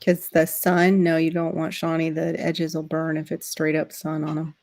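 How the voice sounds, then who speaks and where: A woman's voice: low voice, monotone, moderate pace, darkish tone. A woman hosting a casual video-call chat show, talking about gardening and laughing often. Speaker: host.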